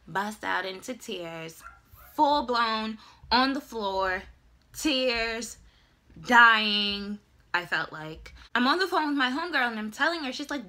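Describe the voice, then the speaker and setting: A young woman in her twenties telling a dramatic, animated personal story in a casual vlog. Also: fairly high pitch, takes it slowly. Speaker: vlogger.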